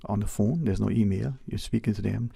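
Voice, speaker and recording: A man's voice: lowish voice, brisk, creaky, warm tone, breathy edge, dry recording. A man hosting a radio talk show, musing through long, roundabout questions. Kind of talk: casual radio interview.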